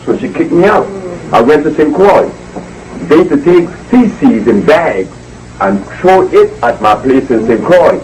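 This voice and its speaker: A man's voice: a little high, big pitch swings, unhurried, a little mellow, recorded from a distance, slight background noise, low-quality recording. A man giving an emphatic, preachy lecture to a live audience, repeating words for force. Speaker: speaker addressing an audience. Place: indoor evening gathering.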